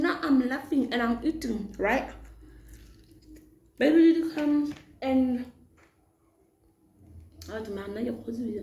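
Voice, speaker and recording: A young woman telling a personal story in a casual storytime vlog, chatty and animated, mixing in Setswana phrases. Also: a little high, a little slow, long pauses. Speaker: vlogger. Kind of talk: storytime vlog while eating. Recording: echoey room.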